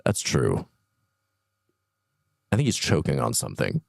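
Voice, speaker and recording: A man co-hosting an improvised comedy show, talking in a dry, deadpan way. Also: rumbling low, unhurried, gravelly, no echo.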